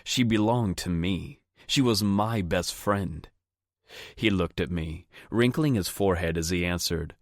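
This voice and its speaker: A man's voice: low-pitched, unhurried, no echo, studio quality. A young man narrating a first-person audiobook in a brash, blunt, crude manner.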